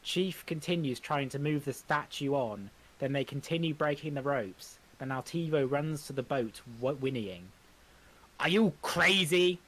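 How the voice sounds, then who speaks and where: A man narrating stage directions haltingly. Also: mid-range voice. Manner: halting, with restarts. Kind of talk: amateur script reading.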